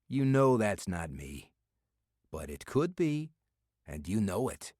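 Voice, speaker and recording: A man's voice: fairly low pitch, very animated, slow pace, a little mellow, no room sound, studio quality, full character voice. A man voicing a brash male friend who teases and pushes in banter, in an audiobook. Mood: teasing. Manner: pushy, ribbing banter. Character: brash, teasing male friend and city official.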